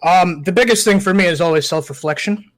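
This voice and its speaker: A man's voice: high-pitched, quick pace. A man speaking as a podcast guest, reflective and a little hesitant, with many fillers. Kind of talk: casual podcast chat.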